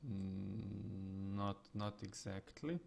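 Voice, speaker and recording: Slow, gravelly man thinking aloud. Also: lowish voice, completely flat delivery, a little mellow. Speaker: chess streamer solving puzzles. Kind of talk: live puzzle-solving commentary, thinking aloud. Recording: faint background noise.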